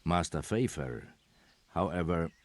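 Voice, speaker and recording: A deep-voiced guarded soldier. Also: male voice, animated. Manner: measured, formal, stiff old-fashioned phrasing. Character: guarded middle-aged soldier, formal and secretive. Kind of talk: video game dialogue.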